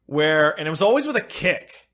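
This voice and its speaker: A man co-hosting a casual podcast, telling stories in an animated way and swearing freely. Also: on the high side, normal speed. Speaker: podcast co-host.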